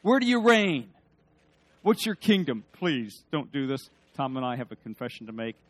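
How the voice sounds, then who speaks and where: A male preacher giving a sermon, swinging between loud emphasis and hushed asides and leading the congregation in call-and-response. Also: mid-range voice, sing-song, moderate pace.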